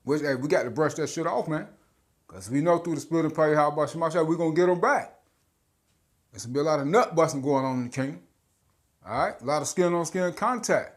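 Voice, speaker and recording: Preaching loosely in a street style, this man has a slightly high voice and a blunt, profane delivery. Stammered filler sounds break up his words, and he repeatedly checks in with "all right?" and "man."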